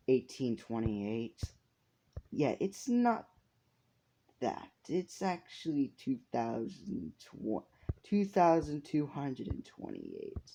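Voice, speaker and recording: A man's voice: mid-range voice, gravelly, warm tone, a little hiss or hum, heavily acted. Man voicing a polite talking rat principal. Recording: dull lo-fi recording.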